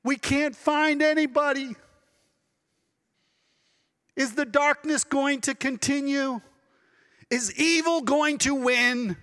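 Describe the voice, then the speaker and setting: A man preaching a sermon as pastor, dramatic and expressive, now and then acting out the voices of people he quotes. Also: very high voice, takes it slowly, pauses often, in a large hall. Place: church sanctuary.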